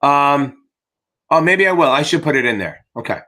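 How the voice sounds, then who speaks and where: A man's voice: fairly high pitch, lively intonation, normal speed, sharp tone. A middle-aged man, an exam tutor, hosting a casual live Q&A in a rambling, profane, joking way. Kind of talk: casual livestream chat.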